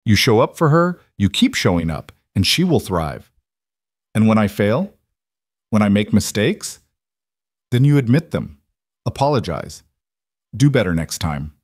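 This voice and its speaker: A man voicing a wise elderly male tribal chief, calm and solemn, with slow, measured, grave speech. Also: fairly low pitch, breathy edge, no echo, clean studio sound, exaggerated voice. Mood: earnest.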